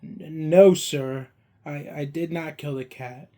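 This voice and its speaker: A man's voice: fairly high pitch, animated, moderate pace. A man voicing a frightened young boy who answers timidly and stammers. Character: scared young boy facing his angry father.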